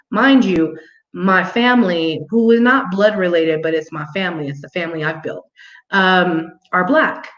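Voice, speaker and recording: A young adult woman telling a story in a casual monologue, blunt and profane, laughing now and then. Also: fairly low pitch. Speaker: vlog host. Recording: roomy, muffled home recording.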